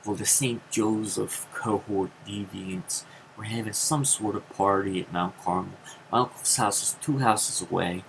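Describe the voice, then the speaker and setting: A man telling a rambling story in a casual vlog, with many fillers and sudden jumps into high acted quotes. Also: fairly even intonation, a little slow, gravelly, background noise. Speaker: vlogger.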